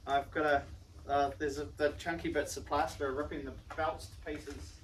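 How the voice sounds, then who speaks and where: A man's voice: a little high, flat delivery, normal speed, distant mic, background noise. A man giving short, laconic, mumbled replies from across the room.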